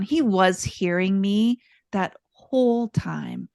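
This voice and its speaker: A woman with a fairly high voice talks as a guest coach on a podcast. She tells candid stories in an earnest, animated way, in casual conversation. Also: moderate pace. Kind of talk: casual interview storytelling.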